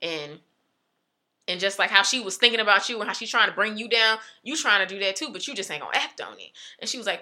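A young woman talks casually with an emphatic, animated delivery. Her voice has a very bright, sharp edge at a middling pitch. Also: fast. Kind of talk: casual chat.

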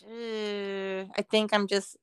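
A woman's voice: mid-range voice, level tone, takes it slowly, smooth, dry recording, studio quality. A middle-aged woman from Southern California, co-hosting a podcast and telling stories in casual chat, swearing and laughing often. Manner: profane, laughing storyteller. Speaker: podcast co-host.

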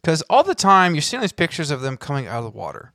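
A man hosting a casual podcast, teasing his guest and swearing casually, excitable about theories. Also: a little high, fast, dry recording, clean studio sound. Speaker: podcast host. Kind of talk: casual chat.

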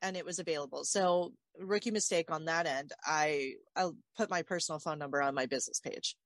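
This talk-show guest speaks low and a little quickly, with no room sound in the recording. She openly relives a painful chapter of her life, voicing others' words in an emotional, animated way.

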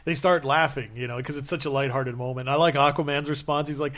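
A man's voice: mid-range voice, fast talker. Rambling man telling comic stories. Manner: rambling, animated storytelling with acted-out quotes. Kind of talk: casual chat.

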